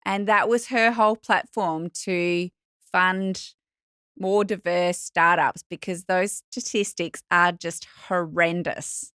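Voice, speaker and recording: A woman's voice: fairly low pitch, steady tone, takes it slowly, sharp tone, smooth, dry recording. A woman hosts a podcast interview and reacts to her guest with eager exclamations. Her voice is recorded dry and close. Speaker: podcast host.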